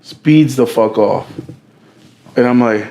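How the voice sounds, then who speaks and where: Young man, podcast co-host, casual storytelling, profane and slangy, acts out dialogue, middle pitch. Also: takes it slowly, dark tone. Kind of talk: casual storytelling among friends.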